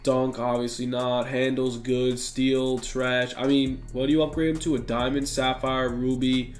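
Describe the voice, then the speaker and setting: A young man giving excitable, slang-heavy commentary on a basketball video game and talking straight to his viewers. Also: mid-range voice, unhurried. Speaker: gaming YouTuber. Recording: echoey room with faint music.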